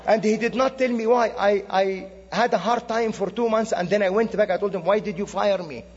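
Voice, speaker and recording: A man's voice: high-pitched, a little fast, husky. A man from the Middle East preaching as a guest speaker, telling stories animatedly with acted-out dialogue. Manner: animated storytelling with quoted dialogue. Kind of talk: sermon. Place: church sanctuary. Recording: dull lo-fi recording in a reverberant hall.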